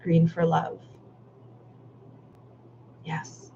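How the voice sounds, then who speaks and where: A woman's voice: deep voice, monotone, very slow. A woman leading a live online art workshop, reading out participants' comments in a casual, affirming way, laughing often and sometimes swearing. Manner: warm, affirming, casual with Southern "y'all". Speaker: workshop facilitator. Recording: slightly dull live-stream audio with faint noise.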